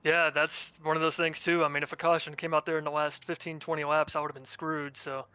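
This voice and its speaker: A man's voice: a little high, level tone, brisk, bright, forceful tone, smooth, no room sound. A man who just won a sim race, recapping it in a rambling post-race interview full of fillers. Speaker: race winner, sim racing driver.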